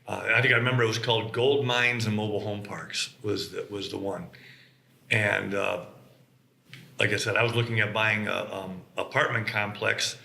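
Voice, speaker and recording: A man recounting how his business began, with a bright, forward voice. He tells his stories with animation and acts out the quotes. The room around him rings with echo. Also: fairly low pitch, little pitch movement, normal speed, creaky. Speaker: co-founder of a mobile home business. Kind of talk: casual conversation. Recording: roomy echo.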